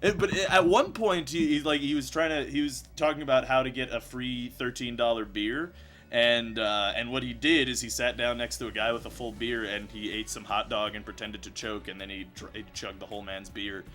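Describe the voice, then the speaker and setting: A man's voice: medium pitch, fairly even intonation, a little fast, a bit bright, soft background music. A young man hosting a casual gaming chat, joking and rambling with lots of fillers and laughs. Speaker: host.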